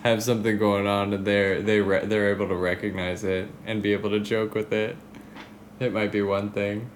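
A man's voice: on the low side, little pitch movement, moderate pace, a little hiss or hum. A man co-hosting a comedy podcast, rambling and laughing as he trails off mid-thought. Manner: giggly, rambling, often trails off. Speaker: podcast co-host. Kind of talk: casual comedy chat.

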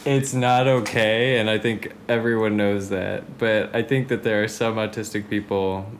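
A man's voice: lowish voice, steady tone, normal speed, a little hiss or hum. Giggly rambling male podcast co-host. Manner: giggly, rambling, often trails off. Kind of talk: casual comedy chat.

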